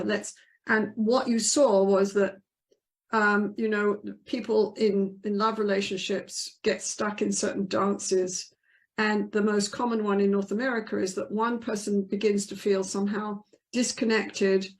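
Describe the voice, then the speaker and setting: An older woman, a couples therapist, answering interview questions in an earnest, emphatic way and acting out the voices she quotes. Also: mid-range voice.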